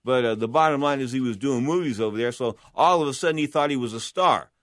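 The recording is clean studio sound without echo as a boxing commentator talks fast in a mid-range, fairly bright voice. In his opinionated monologue about boxing history he's blunt and emphatic, regularly answering questions he asks himself.

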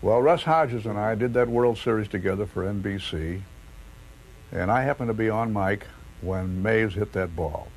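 A man's voice: lowish voice, moderate pace, poor audio. A man, a sports broadcaster, recounting a famous play in a matter-of-fact, conversational way. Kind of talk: reminiscing storytelling.

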